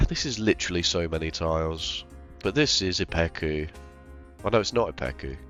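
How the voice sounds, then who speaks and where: Though unwell, this very low-voiced game streamer talks through his own game at a normal speed. Quiet game music sits underneath as he thinks aloud, rambles casually and mocks his own decisions.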